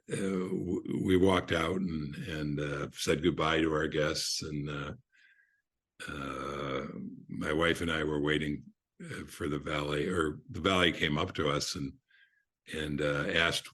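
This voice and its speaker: An older man, a podcast guest, telling relaxed anecdotes in an unhurried way, often restarting his sentences. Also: very deep voice, slightly rough. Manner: unhurried storyteller with frequent restarts and fillers.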